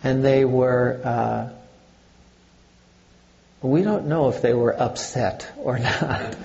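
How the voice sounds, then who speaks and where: An older man giving a Zen dharma talk in a halting way, with many pauses and fillers. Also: medium pitch, creaky, mellow, muffled recording. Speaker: Zen teacher.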